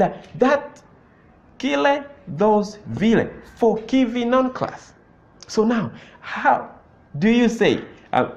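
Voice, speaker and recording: Man, language teacher, slow, repeats phrases, lively pitch, dull lo-fi recording. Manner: slow, repeats example phrases, asks learners questions. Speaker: Swahili teacher. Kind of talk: language lesson. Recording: dull lo-fi sound.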